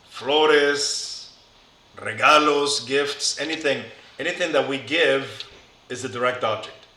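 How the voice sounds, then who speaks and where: Patiently walking through every form individually, a middle-aged Spanish teacher delivers a recorded lecture in an echoey room with slight background noise. His voice is mid-range with a sharp tone.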